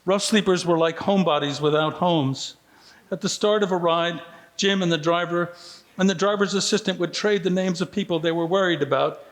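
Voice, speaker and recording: Author reading at a literary event, male, slightly raised pitch, steady measured delivery. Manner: measured reading, brief lively voicing of quoted lines. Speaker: author reading from his book. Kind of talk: book reading at a festival. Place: festival venue.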